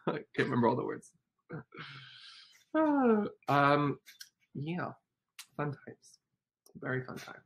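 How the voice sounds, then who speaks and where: A man's voice: on the high side, takes it slowly, vocal fry, pauses often, dull audio. Giggly young man chatting on a livestream. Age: 20s. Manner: giggly, chatty and excitable, laughs often. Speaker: livestream host. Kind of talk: casual livestream chat, reading comments.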